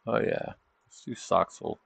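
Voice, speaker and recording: A man's voice: measured pace, fairly bright tone, no room sound. A man hosting a trading livestream, chatting casually over charts and tossing in tag questions like "isn't it?". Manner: loose, chatty, thinking aloud.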